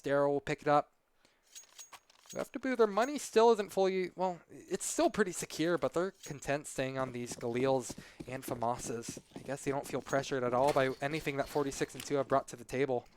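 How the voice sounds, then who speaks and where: A man's voice: medium pitch, a little hiss or hum. A man doing live esports play-by-play commentary, conversational and analytical, with casual asides between calls.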